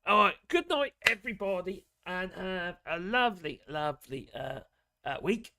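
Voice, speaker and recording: A man runs a casual live stream, reading chat messages aloud and drifting between thoughts in a rambling, talkative way. His slightly high voice is expressive and sharp at a normal speed, but it's fraying as he loses it. Audio is close-miked and dry, no room echo.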